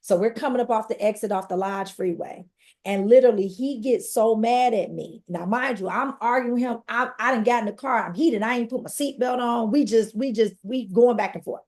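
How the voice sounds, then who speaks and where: A woman, a podcast guest telling her personal story in a lively conversational way. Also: fairly high pitch, fairly quick. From Detroit. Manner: animated, conversational storytelling with acted-out quotes.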